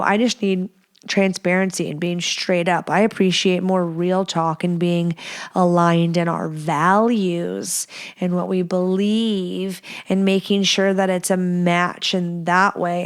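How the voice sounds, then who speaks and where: Speaking in a lowish, clear, resonant voice, a woman in her thirties hosts a podcast full of blunt, candid advice. She swears without restraint and mimics the people she's quoting.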